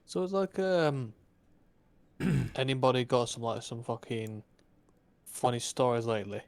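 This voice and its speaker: A man co-hosts a podcast in an offhand, casual way and swears now and then. His voice sits at a middle pitch, and the recording is dry, with no room sound. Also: measured pace, creaky, no echo. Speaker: podcast co-host. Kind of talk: casual chat.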